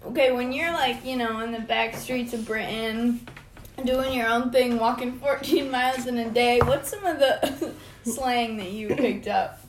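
A woman's voice: fairly high pitch, measured pace. A woman on a casual podcast, curious and asking questions. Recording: echoey, noisy room.

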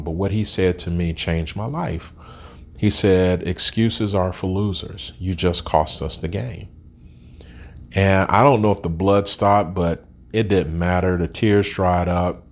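Low voiced guy around sixty, telling his story straight, lots of ums. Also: darkish tone. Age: 60s. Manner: candid, plain-spoken, with frequent ums and restarts. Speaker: interview guest. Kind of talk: reflective life story.

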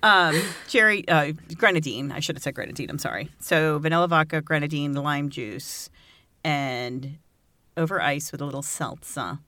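A woman's voice: deep voice, normal speed, sharp tone, no echo. A woman co-hosting a podcast in casual chat, joking and sarcastic, laughing often with crude, irreverent humor. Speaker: podcast co-host.

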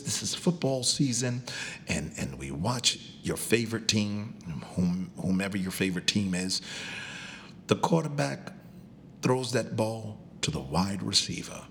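A male pastor preaching a sermon, his low voice gravelly and full of swooping pitch. He calls on the congregation to answer back, climbing to loud exclamations and sinking to hushed, breathy lines. A faint rumble sits under the recording. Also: expressive, unhurried. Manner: preaching with call and response, rising to shouts and dropping to whispers.

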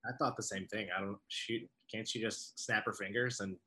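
A man's voice: fairly low pitch, fairly even intonation, normal speed, pushed and bright. A man co-hosting a podcast, talking in a hesitant, casual way. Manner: hesitant, trailing off. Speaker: podcast co-host. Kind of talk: casual chat.

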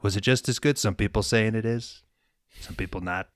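A man's voice: fairly low pitch, normal speed, no room sound. A man hosting a podcast, casually recapping a movie in a laid-back, profane storytelling way. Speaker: podcast host.

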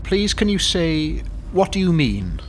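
A man's voice: on the high side, very animated, unhurried, a little hiss or hum. A man playing a flustered young man who is sending texts by voice, in a comedy sketch. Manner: flustered, exasperated.

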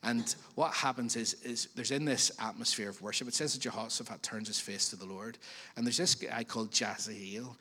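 A man preaching a sermon as pastor, in a chatty, animated way with frequent questions to the congregation. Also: mid-range voice, normal speed, husky. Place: church auditorium. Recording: long reverb of a church hall.

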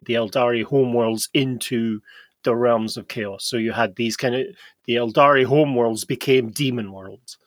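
A man hosting a casual podcast, slowly explaining game lore in a storytelling way with some fillers. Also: mid-range voice, a bit bright, no room sound.

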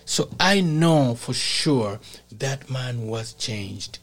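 Male preacher, mid-pitched, earnest testimony delivery with emphatic builds. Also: expressive, drawn-out words. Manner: earnest storytelling, rising to emphatic peaks. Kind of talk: sermon testimony.

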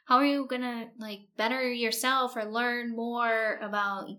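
Female co-host, military spouse, crisp, bright tone, casual and talkative. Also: fairly high pitch, steady tone, measured pace. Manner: chatty, with many "like"s, often laughing. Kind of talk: casual chat.

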